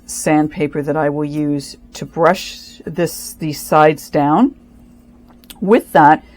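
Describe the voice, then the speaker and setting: A woman's voice: deep voice, a little mellow. A woman hosting a casual craft tutorial, thinking aloud, restarting sentences and giving careful step-by-step instructions. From Canada. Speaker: craft channel host.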